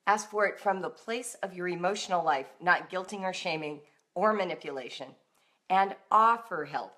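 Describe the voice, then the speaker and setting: With a lowish voice and moderate pace, a middle-aged woman who writes about homeschooling hosts a livestreamed parent talk. She speaks animatedly, now and then raising her voice to act out emotional outbursts.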